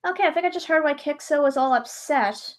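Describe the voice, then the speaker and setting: A young woman with a notably high voice chats casually during a livestream. She rambles from thought to thought and often breaks off mid-sentence to start again. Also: brisk. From Ireland.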